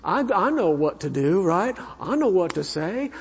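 A man preaching a sermon as a minister, telling a personal story in an earnest way that swings between fervent and hushed. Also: high-pitched, sing-song, a little slow, gravelly, few pauses, slight background noise. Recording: echoey hall, dull sound.

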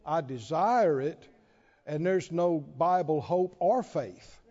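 Speaking slowly with lively intonation, this male pastor has a warm voice on the high side. Before the congregation in a church sanctuary, he animatedly tells a humorous story in his sermon and calls for responses, and the recording is dull and echoey.

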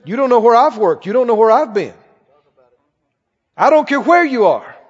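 A man's voice: extremely high pitch, very animated, moderate pace, husky. A male pastor preaching a sermon, emphatic, repeating phrases and quoting scripture. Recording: echoing hall, dull lo-fi sound.

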